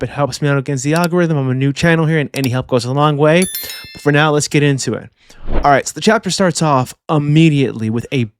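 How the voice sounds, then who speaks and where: A young man hosting a casual manga review channel, animated and slangy, doing voices for characters. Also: fairly high pitch, a little hiss or hum. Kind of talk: casual video commentary.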